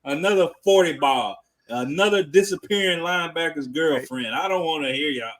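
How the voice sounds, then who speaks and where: A man co-hosting a sports podcast, loudly trash-talking rival teams with profanity and laughter. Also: on the high side, moderate pace. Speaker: podcast co-host. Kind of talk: casual sports chat.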